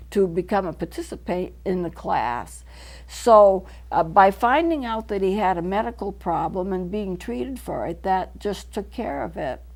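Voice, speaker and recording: A woman's voice: medium pitch, darkish tone. Earnest woman counselor explaining step by step. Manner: earnest, explanatory, repeats points. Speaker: counselor hosting a local TV show. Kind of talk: teaching talk to camera. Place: local TV studio.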